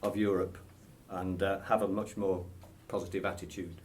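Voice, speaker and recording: Answering casual interview questions, a British man in his sixties speaks with a British accent, hesitating, chuckling and saying "um" often. His low, level voice is a little mellow and moves at a moderate pace over a little hiss or hum.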